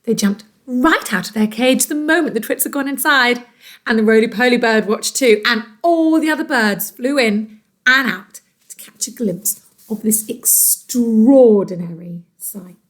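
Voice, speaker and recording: A teacher reading a storybook aloud to children, expressive and dramatic. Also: female voice, on the high side, measured pace.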